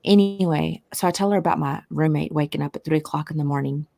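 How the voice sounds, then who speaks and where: A woman co-hosting a casual chat, telling a story in an animated way and acting out the people in it. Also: fast, vocal fry. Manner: animated, swings pitch when quoting people. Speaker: podcast co-host.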